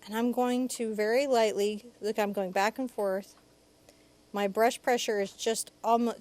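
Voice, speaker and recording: A woman's voice: on the high side, fairly even intonation, normal speed, darkish tone. A woman in her thirties leading a live painting lesson, chatty and playful, talking through each brush stroke. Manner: chatty, playful, bursts of laughter and sing-song asides. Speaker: painting instructor.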